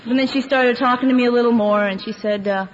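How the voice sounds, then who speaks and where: A woman's voice: fairly high pitch, fairly even intonation, fast talker, some chatter behind, slight background noise. Woman, recovery testimony, candid storyteller, laughs often, echoey hall, dull lo-fi sound. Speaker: speaker sharing a recovery story. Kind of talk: personal testimony to a recovery meeting.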